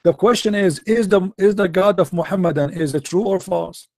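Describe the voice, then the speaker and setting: Man, taunting debate host, dark mellow tone, dry close sound. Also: high-pitched, moderate pace, no room sound. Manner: mocking, taunting, repetitive rhetorical questions. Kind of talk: confrontational live-stream debate.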